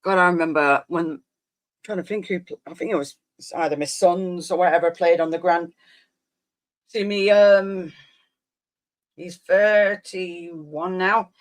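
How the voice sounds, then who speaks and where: A woman's voice: on the low side, takes it slowly. Mum in her 50s rambling on her stream, casual chatty reminiscing, keeps trailing off. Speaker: live streamer chatting with viewers. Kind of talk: casual chat.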